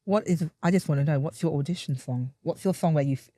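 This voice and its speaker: A woman's voice: sits low, quick pace, warm tone, no echo, clean studio sound. A woman hosting a podcast conversation, chatty and asking eager questions. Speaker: podcast host.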